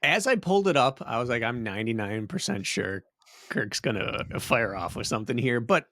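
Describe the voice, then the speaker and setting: A man co-hosting a running podcast, teasing and quick to laugh, then laying out his points with conviction. His voice is mid-pitched and the recording is dry and close. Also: very animated, sharp tone, no echo. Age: adult father. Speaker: podcast co-host. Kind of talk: casual podcast banter and topic intro.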